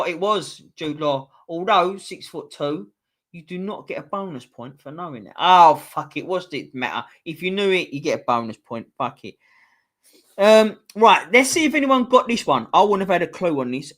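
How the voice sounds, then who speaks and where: Swearing London man, high-pitched voice. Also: fairly bright tone. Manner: swears freely, teasing, chatty. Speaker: host reading a quiz to a live chat. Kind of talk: casual live-stream quiz banter.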